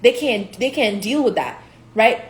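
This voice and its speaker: A woman's voice: a little high, lively intonation, a little slow. A young woman from Nigeria giving a casual spiritual monologue as a tarot reader, blunt and profane, laughing often. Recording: echoey room, faint hiss.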